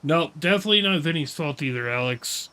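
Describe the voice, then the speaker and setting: A man's voice: a little high, expressive, brisk, bright, forceful tone. A middle-aged American man hosting a livestream, ranting and swearing at his chat in casual, laughing banter. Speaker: livestream host.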